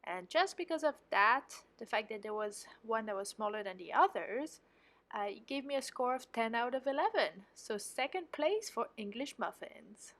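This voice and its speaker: French woman, slightly high voice. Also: animated, moderate pace, fairly bright tone, slight background noise. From France. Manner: chatty, explanatory, self-critical. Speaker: home baker and channel host. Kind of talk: casual voice-over narrating her baking.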